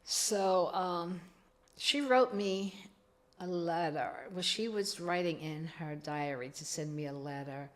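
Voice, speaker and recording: A woman's voice: on the low side, takes it slowly. A middle-aged woman, telling her own recovery story as a podcast guest, acting out the dialogue she quotes.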